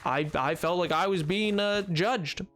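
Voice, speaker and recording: A man's voice: high-pitched, a little slow, a bit bright, soft background music. A young man streaming a game, chatting casually with chat in a rambling, self-deprecating way with playful bits. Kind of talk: casual chat while gaming, reading chat aloud.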